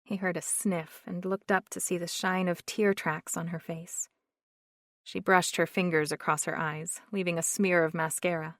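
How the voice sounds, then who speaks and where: A woman narrating an audiobook in a slow, measured reading. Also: fairly low pitch, little pitch movement, fairly bright tone, no room sound, studio quality.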